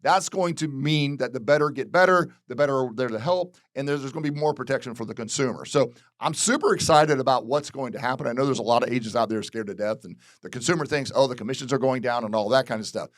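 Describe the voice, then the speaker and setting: A man from Florida who works as a real estate broker talks candidly and off the cuff, circling back to the same phrases. His voice sits at an ordinary middle pitch. The recording is close and dry, with no room sound. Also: fast, few pauses, no room sound. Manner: candid, repeats phrases, frequent restarts. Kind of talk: casual commentary. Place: real estate office video.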